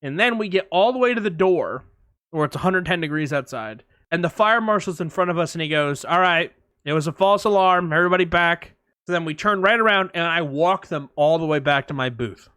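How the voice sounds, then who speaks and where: A man with a bright, fairly high voice tells anecdotes on a podcast. He talks in a casual, animated way and acts out the people and sounds in his stories. The recording is close and dry. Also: a little fast, clean tone, no echo. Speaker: podcast co-host. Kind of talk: casual storytelling chat.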